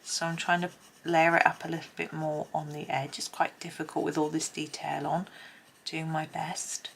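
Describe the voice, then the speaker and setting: A woman hosting a colouring tutorial, chatting as she works and often dropping to a soft near-whisper. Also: low-pitched, level tone, normal speed, vocal fry, a little hiss or hum. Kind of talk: relaxed colouring tutorial narration.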